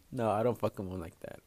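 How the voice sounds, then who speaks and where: In a dry recording, a podcast host with a lowish, darkish voice chats on his own in a relaxed monologue. He's foul-mouthed and straightforward, code-switching between English and Spanish.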